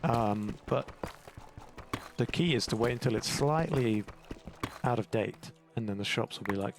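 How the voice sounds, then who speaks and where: This English gaming YouTuber, young and speaking with an English accent, offers unhurried, rambling commentary on his play, often poking fun at himself. His voice is mid-range, game music runs behind him, and the background is noisy.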